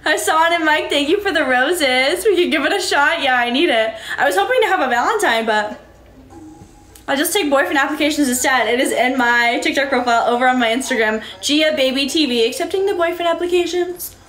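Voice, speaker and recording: A woman's voice: high-pitched, fairly quick, a bit bright. A woman live-streaming in casual chat, reading out viewer comments and thanking them by name in a breezy, upbeat way. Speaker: livestreamer. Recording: echoey room.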